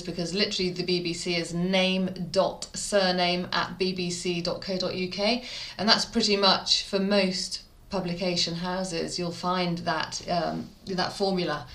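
A woman's voice: fairly low pitch, fairly bright tone, reverberant. A woman from the English Midlands, a PR expert guest chatting in an interview, telling stories animatedly and laughing often. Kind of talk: casual interview talk.

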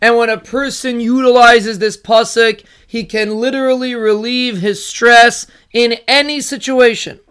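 A man giving a daily inspirational Torah talk, earnest and repetitive, chanting scripture verses slowly. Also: extremely high pitch, fairly even intonation, fairly bright tone, clear, resonant tone. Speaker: Torah teacher.

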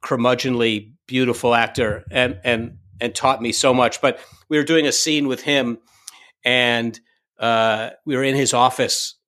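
A man telling stories from his directing days in a casual interview, lively, full of fillers and restarts. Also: mid-range voice, measured pace. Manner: animated anecdote-telling, acts out quoted lines; frequent fillers and self-restarts.

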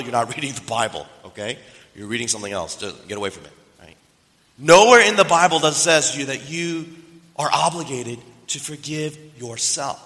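A pastor giving a sermon, telling a story and asking the listeners questions. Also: male voice, medium pitch, fairly bright tone. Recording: reverberant hall.

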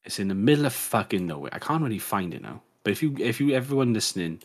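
Lowish guy rambling on a podcast, swears a lot, keeps restarting sentences. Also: big pitch swings, fast. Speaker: podcast co-host. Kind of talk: casual chat.

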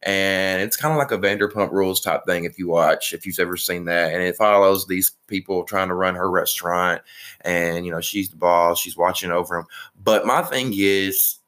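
Low-voiced man in rambling casual chat. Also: fairly even intonation, moderate pace, fairly bright tone. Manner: rambling, profane, lots of restarts. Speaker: podcast co-host. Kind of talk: casual pop-culture chat.

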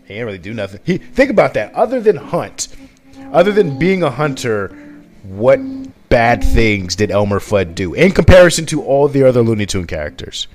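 A man's voice: mid-range voice, sing-song, normal speed, faint music behind. A man co-hosting a podcast, chatting casually in a blunt, profane way. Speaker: podcast co-host. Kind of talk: casual chat.

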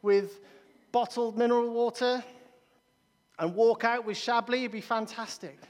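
A man preaching a sermon in a church, emphatic and repeating key phrases, with quick restarts. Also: extremely high pitch, steady tone. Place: large church hall. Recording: long reverb of a large church hall.

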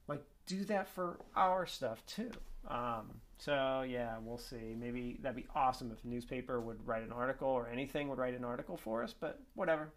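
A man's voice: medium pitch, moderate pace, few pauses. A man talking casually to his webcam in a vlog, upbeat and rambling, full of "like" and "um" and restarting his sentences. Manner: rambling, upbeat, lots of fillers and self-corrections. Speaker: esports coach and vlogger. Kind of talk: casual vlog talk to camera.

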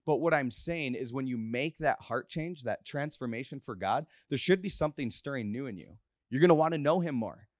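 A man's voice: mid-range voice, no echo, studio quality. A young man preaching a youth sermon, telling stories in a casual way with many fillers and repeated words. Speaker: youth pastor. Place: church youth service.

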